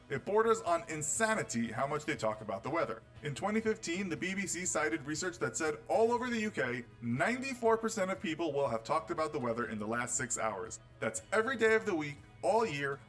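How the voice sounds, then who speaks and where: Wry male narrator with lively pitch. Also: a little fast, few pauses, faint music behind, low-quality recording. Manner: wry, teasing delivery of facts. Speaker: video narrator. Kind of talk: scripted documentary narration.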